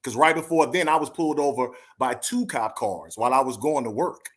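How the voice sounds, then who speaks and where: A man in his forties, co-hosting a podcast, shares a personal story in casual conversation, speaking earnestly and directly to his audience. His voice is medium in pitch with a fairly bright tone, and he talks briskly.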